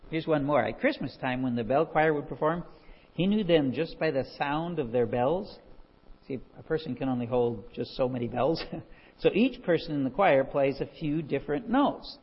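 A man's voice: medium pitch, normal speed, slightly rough, in a large hall, highs cut off. A man preaching a sermon, reading scripture aloud and telling stories with frequent chuckles. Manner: animated storyteller, chuckles often. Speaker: pastor.

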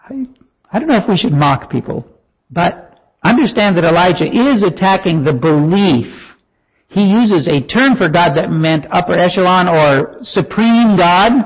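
Animated preacher with a high, lively voice. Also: male voice, slightly rough, lo-fi sound. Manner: animated, mocking asides with chuckles. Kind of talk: sermon.

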